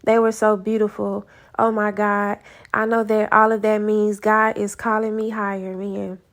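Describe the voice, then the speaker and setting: A woman's voice: medium pitch, moderate pace. A woman telling a personal faith testimony in a casual vlog, acting out her own prayers as she goes. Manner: animated storytelling, acts out her own quoted prayers. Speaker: faith vlogger.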